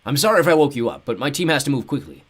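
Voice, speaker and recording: A man voicing a loud, brash, chubby man who talks bluntly and dismissively. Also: medium pitch, very animated, quick pace, voice pushed up. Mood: booming brash. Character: booming brash chubby man, careless and smug.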